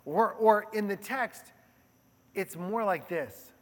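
A male pastor giving a sermon in a conversational, animated way, often checking in with the congregation. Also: high voice, slow. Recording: long hall reverb.

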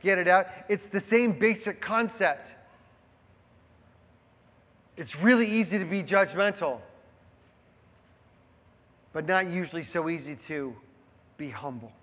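A man preaching a sermon, shifting between hushed reflection and emphatic proclamation. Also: sits high, a little slow, long pauses. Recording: long hall reverb.

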